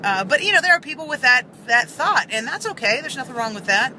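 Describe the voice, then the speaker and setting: A woman talks straight to her camera from a car, her voice very bright and sharp. She tells her story in an earnest, rambling way, full of fillers and restarts, with faint traffic outside. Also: high voice, big pitch swings, fast talker, poor audio. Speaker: vlogger.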